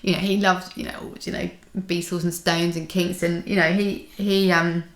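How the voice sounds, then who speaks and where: A woman co-hosting a casual music podcast, talking in a chatty way full of fillers and quick agreement. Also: fairly low pitch, flat delivery. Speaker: guest co-host. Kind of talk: casual chat. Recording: roomy echo.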